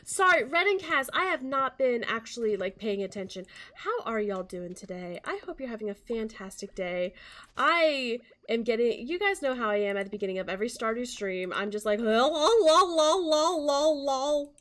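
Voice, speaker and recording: A woman hosting a casual gaming stream, chatty, with quick bursts of excitement. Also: a little high. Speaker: streamer and channel host.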